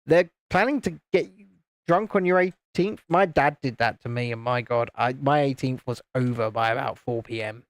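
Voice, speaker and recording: A man's voice: mid-range voice, moderate pace, dry recording. A man from the UK hosting a casual livestream, chatting and reading out viewer comments while he builds a model. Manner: chatty, reads out viewer comments, chuckles often. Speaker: livestream host.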